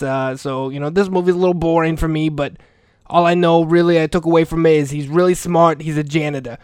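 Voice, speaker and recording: A man's voice: fairly high pitch, clean tone, no echo, clean studio sound, natural voice. A man playing a crude, foul-mouthed school janitor who rambles bluntly in an improvised comedy rant. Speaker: comedic character monologue.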